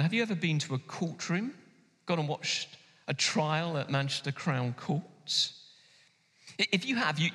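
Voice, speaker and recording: Male pastor, bright higher voice, animated emphatic sermon, long hall reverb. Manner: animated, emphatic preaching with sudden pauses and slowdowns. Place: church hall.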